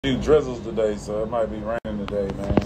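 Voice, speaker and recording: A man's voice: on the low side, steady tone, a little fast. A man with a Houston Texan accent, a rapper talking slangy and profane in a laid-back livestream chat from his patio. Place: outdoors on a home patio. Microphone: phone livestream. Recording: outdoor phone audio with traffic and air-conditioner noise.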